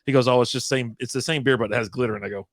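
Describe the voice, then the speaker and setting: Man, from Kentucky, co-host, relaxed, chatty, laughs easily, dry sound. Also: medium pitch, rapid-fire, no echo. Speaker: co-host of a beer stream. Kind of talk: casual livestream chat.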